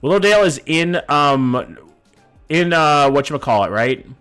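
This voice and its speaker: With a smooth, slightly bright voice on the high side, this streamer speaks at a measured pace but with lively intonation, faint music underneath. He's a man in his thirties from Vancouver who curses casually while reading chat and guessing locations.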